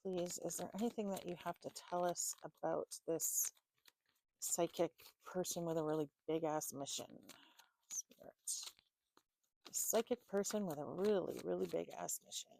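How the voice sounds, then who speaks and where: Low-voiced woman giving a chatty tarot reading. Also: normal speed, creaky, warm tone, slight background noise. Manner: chatty, loose, with fillers and swearing. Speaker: tarot reader. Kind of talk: casual tarot reading to camera.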